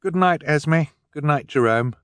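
A man voicing a clever, practical teenage girl in an audiobook, explaining things brightly. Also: on the high side, animated, unhurried, smooth, no echo, voice pushed up. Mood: eager, explaining.

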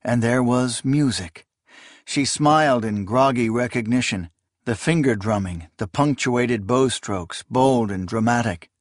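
A man reading a fantasy novel aloud as narrator, in a measured, steady storytelling delivery. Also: mid-range voice, no echo, clean studio sound. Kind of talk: scripted audiobook narration.

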